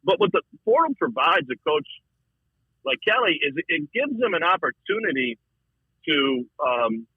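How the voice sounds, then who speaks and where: Husky-voiced man on a phone line. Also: moderate pace, no echo. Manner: animated, repeats words, shifts pitch a lot. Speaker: college football broadcaster, guest. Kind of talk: casual sports talk. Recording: dry, thin phone-line sound.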